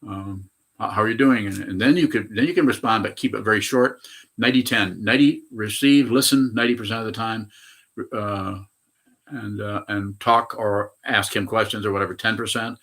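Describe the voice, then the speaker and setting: An older man in his eighties teaches meditation in a low, bright, forceful voice. He rambles through his answer, restarting and correcting himself as he goes. It sounds like an unhurried spiritual talk. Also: breathy edge. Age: 80s. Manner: rambling, frequent hesitations and self-corrections. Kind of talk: dharma talk answering questions.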